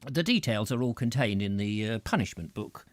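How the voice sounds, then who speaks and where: A man's voice: fairly low pitch, lively intonation, normal speed, no echo, natural voice. Guy doing a flustered stammery schoolmaster, sulky and nervous, storybook reading. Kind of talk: audiobook character voice.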